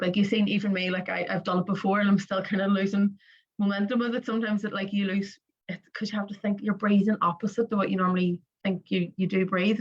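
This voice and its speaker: A young woman, coaching breathwork in a casual, rambling way with many fillers and restarts. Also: mid-range voice. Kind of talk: casual spoken instruction. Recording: muffled lo-fi audio.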